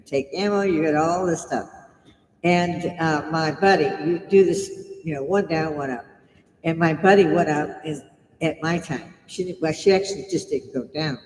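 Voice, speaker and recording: An American woman in her seventies, with a low and slightly mellow voice, chats casually and laughs often while telling stories on a live stream. The recording has a little hiss or hum and sounds like an echoey room with long reverb.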